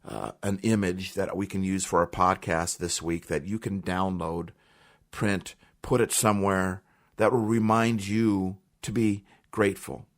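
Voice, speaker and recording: A man hosting a podcast delivers a motivational monologue, speaking earnestly and emphatically and repeating phrases for effect. His voice is low, his tone steady and his pace measured.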